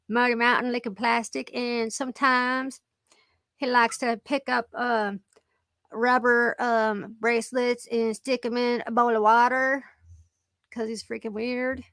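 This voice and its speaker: A woman's voice: a little high, flat delivery, takes it slowly, long pauses, fairly bright tone, no echo, studio quality. A middle-aged woman hosting a casual live-stream chat, rambling and joking about her pets and laughing often as she reads comments. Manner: rambling and jokey, laughs a lot.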